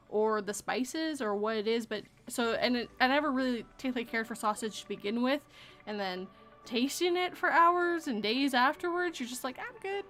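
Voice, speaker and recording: A woman with a Canadian accent hosting a casual podcast chat, chatty and quick to laugh. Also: fairly high pitch, a bit bright. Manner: giggly, chatty. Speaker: podcast host.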